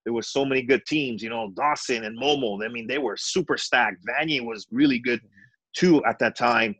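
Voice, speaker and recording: Animated middle-aged storyteller, dry sound. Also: male voice, mid-range voice, normal speed, breathy edge, no echo. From Montreal, Canada. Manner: animated, acts out dialogue in his stories. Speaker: retired basketball coach, guest. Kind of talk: storytelling in a podcast interview.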